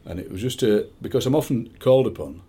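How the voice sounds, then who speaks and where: A middle-aged man with a Barnsley accent, a poet chatting in an interview and reading his poems, lively and fond of doing voices. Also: fairly low pitch, fast, slightly rough. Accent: Barnsley, South Yorkshire. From South Yorkshire, England. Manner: animated storyteller, slips into quoted voices. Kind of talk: conversational interview with poetry reading.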